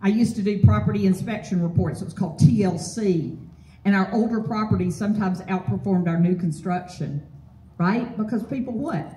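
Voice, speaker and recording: A woman giving a motivational property management seminar, energetic, often posing fill-in-the-blank questions to the audience. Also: mid-range voice, moderate pace. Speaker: property management trainer and speaker. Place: event hall with an audience. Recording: roomy hall, voice from far off.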